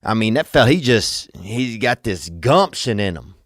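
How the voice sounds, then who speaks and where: A man's voice: on the low side, sing-song, no echo, clean studio sound. Rambling, goofy man's podcast monologue. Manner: meandering, absurd wordplay, drawn-out asides. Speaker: podcast host.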